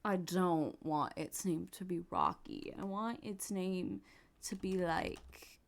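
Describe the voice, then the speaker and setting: A young adult woman giving casual, bubbly commentary while playing a life-sim game, gushing with quick asides and giggles. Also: on the low side, big pitch swings, gravelly. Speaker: gaming YouTuber.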